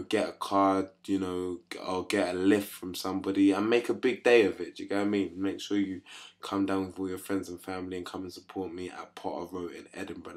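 A young man speaks in a low, fairly even voice, chatting casually to the camera in his home kitchen. His delivery is easygoing and upbeat, with a friendly, apologetic promo tone. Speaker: musician promoting a tour. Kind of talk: casual video diary.

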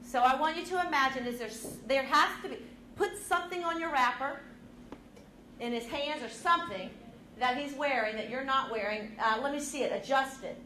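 A woman leading a middle-school drama lesson, coaching students with energetic, encouraging instructions. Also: high-pitched, moderate pace, slight background noise. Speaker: drama teacher. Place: school classroom. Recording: echoey classroom with students around.

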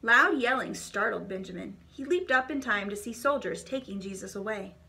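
A woman reading a children's devotional storybook aloud in an expressive, clear storytelling manner. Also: medium pitch, normal speed.

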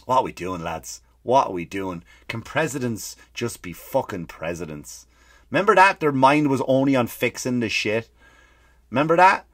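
A man hosting a comedy podcast, ranting quickly and emphatically with lots of swearing and repeated phrases. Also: mid-range voice, lively intonation, fairly bright tone, no room sound, studio quality. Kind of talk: comedic rant.

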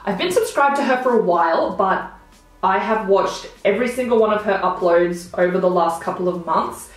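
A woman's voice: mid-range voice, moderate pace. A young woman, chatting casually to camera as a beauty vlogger while doing her makeup, gushing and bubbly, trailing off into mumbles at the ends of phrases. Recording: very echoey room.

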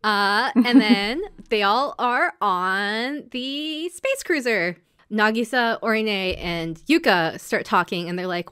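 A woman's voice: mid-range voice, a bit bright, clear, resonant tone. Chatty woman podcast host recapping anime. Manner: chatty, acts out characters' lines in quick asides. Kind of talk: casual chat recapping an anime.

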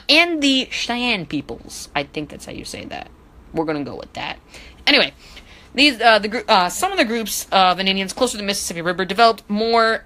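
A woman's voice: lowish voice, pushed and bright, poor audio. A woman teaching history in a casual podcast, full of joking self-deprecating asides and stumbling over hard names.

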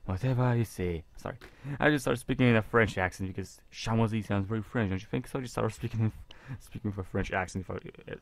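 A man reading a visual novel aloud in a casual, halting way with jokey asides. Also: on the low side, gravelly, dry recording. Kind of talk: casual game reading with commentary.

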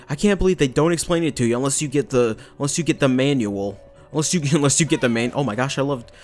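A man doing casual let's-play commentary, sarcastic and rambling, with playful swearing. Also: medium pitch. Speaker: gaming YouTuber.

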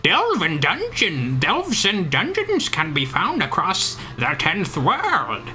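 A man voicing a talkative raven guide, reading its advice in a slow, drawn-out, lofty manner. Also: high-pitched, huge pitch swings, pushed and bright, a little hiss or hum, pitched above the performer's own voice, exaggerated voice. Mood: solemn. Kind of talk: reading game text aloud in a voice.

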